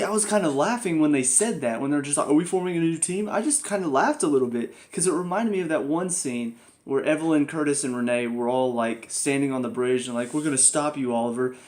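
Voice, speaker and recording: A man's voice: a little high, darkish tone. Exasperated young man reviewing a show. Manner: exasperated, sarcastic, laughs at the plot. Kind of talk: casual spoken review.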